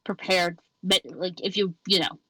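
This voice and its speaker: A podcast co-host cuts in with quick, teasing one-liners. The voice is bright and sharp, and the sound is dry and close. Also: mid-range voice, fairly even intonation, husky, dry recording. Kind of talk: casual chat interjections.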